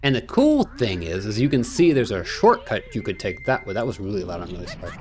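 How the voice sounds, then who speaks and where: A man casually commentating his video game playthrough, excitable and jokey, rambling with panicky outbursts. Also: fairly low pitch, brisk. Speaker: gaming channel host. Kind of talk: casual let's-play commentary.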